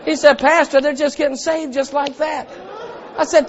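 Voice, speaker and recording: A man preaching a sermon as pastor, telling stories and swinging from quiet asides to loud shouted lines. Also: very high voice, level tone, moderate pace, a faint crowd. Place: church auditorium. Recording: dull sound with long hall reverb.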